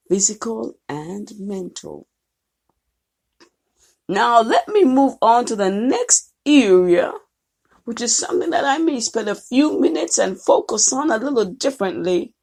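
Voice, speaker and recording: A woman's voice: medium pitch, a little mellow. A woman college instructor giving a recorded lecture, emphatic and posing questions to the class.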